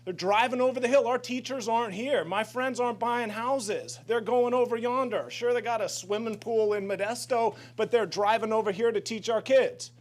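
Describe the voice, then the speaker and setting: American guy at a council mic, high voice, heated and pushy. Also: fairly even intonation, moderate pace, few pauses. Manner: impassioned, confrontational. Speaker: public commenter. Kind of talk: public comment at a council meeting.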